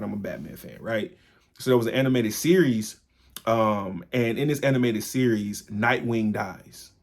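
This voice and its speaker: A man hosting a solo podcast, talking in an earnest, confiding way and telling stories loosely with frequent asides to his listeners. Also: fairly low pitch. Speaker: podcast host. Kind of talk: candid solo talk.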